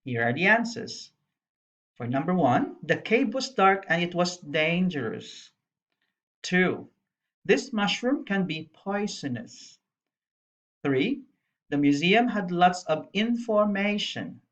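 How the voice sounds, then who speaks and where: A woman's voice: on the low side, very animated, slow. A woman teacher narrating a recorded English lesson for young pupils, spelling out letters and explaining patiently. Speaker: primary school English teacher. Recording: dull lo-fi voice-over.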